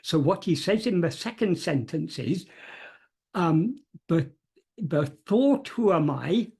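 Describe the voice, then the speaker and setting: Husky-voiced man explaining slowly, full of pauses. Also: fairly high pitch, big pitch swings, darkish tone. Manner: careful, hesitant explaining with many fillers and restarts. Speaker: teacher of spiritual texts. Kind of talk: explanatory talk on a video call. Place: home, video call. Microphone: computer mic on a video call.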